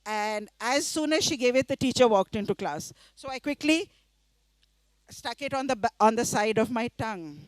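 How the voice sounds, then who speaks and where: A middle-aged woman from India tells a story to a festival audience, acting out what each person said. Her voice sits high and moves a lot. The sound is dry and close, with no room echo. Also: moderate pace. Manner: animated storytelling with quoted voices and laughter. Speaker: author giving a reading. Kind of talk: storytelling talk at a literature festival. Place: festival session before a live audience.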